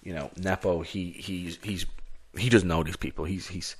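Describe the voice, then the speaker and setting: A man's voice: low voice, fairly even intonation, moderate pace, slightly rough. A man narrating a solo tabletop game in a casual, rambling way. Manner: casual, rambling, many restarts.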